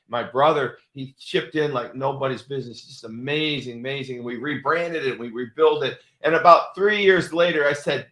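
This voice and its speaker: High-voiced man in his sixties, emphatic. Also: normal speed, few pauses. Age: 60s. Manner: emphatic, repetitive, bursts into loud excited exclamations. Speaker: show host. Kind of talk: motivational storytelling talk. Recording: roomy echo.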